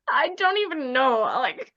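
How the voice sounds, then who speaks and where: A woman's voice: high-pitched, big pitch swings, takes it slowly, a bit bright. A woman hosting a podcast interview, chatting casually with upbeat, affirming interjections. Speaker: podcast host. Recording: dull lo-fi audio.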